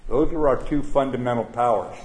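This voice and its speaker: An older man, a retired general, giving a plain-spoken speech with anecdotes to a live audience, halting now and then with fillers. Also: medium pitch, darkish tone. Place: event venue before an evening audience. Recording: roomy room with faint ambience.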